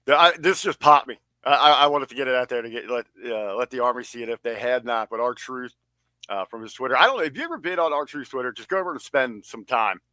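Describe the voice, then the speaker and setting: A man's voice: mid-range voice, animated, quick pace, pushed and bright, no room sound. A man co-hosting a casual wrestling podcast, hyping up over-the-top mock-patriotic bits and stretching out words for emphasis. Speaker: podcast co-host.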